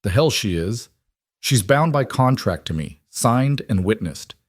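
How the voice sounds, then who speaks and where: A man voicing a cruel, domineering bully who blusters and shouts. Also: medium pitch, expressive, measured pace, no echo, clean studio sound. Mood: scornful. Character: cruel, domineering male bully, quick to rage.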